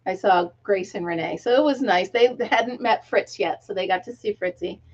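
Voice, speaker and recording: Crocheting live on a casual stream, a middle-aged woman talks at a moderate pace in a mid-range voice, laughing frequently, counting stitches out loud, and fighting a tickle in her throat. The highs in the recording are cut off.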